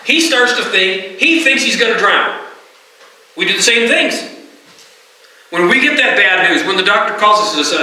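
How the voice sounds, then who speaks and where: A middle-aged man preaching from a church pulpit, chatty and direct with his congregation. His voice is very bright and sits a little high. He is caught from some distance in a strongly echoing sanctuary. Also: animated, normal speed, pauses often. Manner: conversational, often asks the congregation "right?". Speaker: pastor. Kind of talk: sermon. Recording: roomy hall, distant mic.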